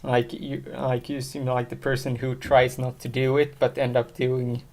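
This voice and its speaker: A man's voice: mid-range voice, level tone, normal speed, darkish tone. A man hosting a casual chat show, mostly giving short, agreeing replies and speaking with some hesitation. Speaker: podcast host.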